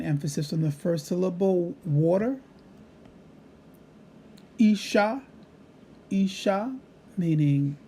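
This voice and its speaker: Mellow-voiced man teaching Hebrew vocabulary. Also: high-pitched, a little hiss or hum. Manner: patient, explanatory, with frequent "uh" fillers. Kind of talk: screen-recorded app demonstration lesson.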